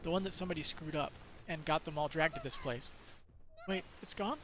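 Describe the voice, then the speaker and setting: A woman reading the lines of a frightened teenage schoolgirl who is lost alone and talks herself through her panic, in a fairly low voice. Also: fairly quick, background noise, natural voice. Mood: anxious. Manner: panicky, self-talking.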